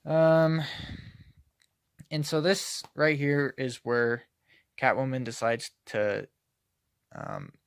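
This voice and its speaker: Male comic reviewer, casual and critical, slow delivery, gravelly texture, hesitant with frequent sighs. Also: medium pitch, no echo, studio quality.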